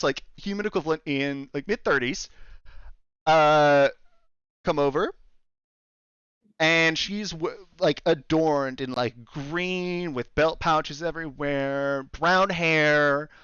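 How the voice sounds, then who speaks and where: A man's voice: a little high, slow, a bit bright, smooth, dry recording, dull audio. A young man running a tabletop game as game master, narrating in a rambling way with fillers.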